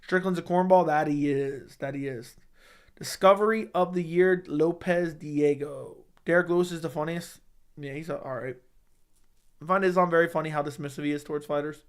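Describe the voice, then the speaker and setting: A young man hosting a casual livestream, reading viewer comments in a laid-back, low-key way and swearing casually. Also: steady tone, fast, smooth. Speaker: livestream host reading chat.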